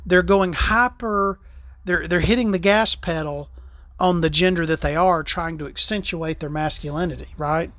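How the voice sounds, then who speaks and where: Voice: mid-range voice, a bit bright, dry recording. A podcast host in a casual solo chat who rambles, swears freely and tells stories with tongue-in-cheek asides.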